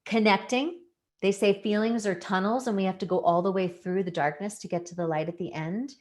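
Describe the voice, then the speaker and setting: A woman presents an educational talk in a voice of ordinary middle pitch. She explains things earnestly and puts clear stress on her key words, in a patient, teaching way. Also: steady tone, a little fast, darkish tone.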